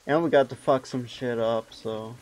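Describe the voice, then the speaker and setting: A man's voice: mid-range voice, fairly even intonation, normal speed, a little mellow, low-quality recording. A man commentating on his game in a casual live stream, crude and joking, talking into a desk microphone.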